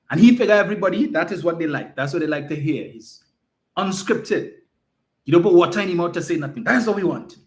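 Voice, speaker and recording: Emphatic political speaker. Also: male voice, high-pitched. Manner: emphatic, mocking, rhetorical. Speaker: political campaigner. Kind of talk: political campaign speech.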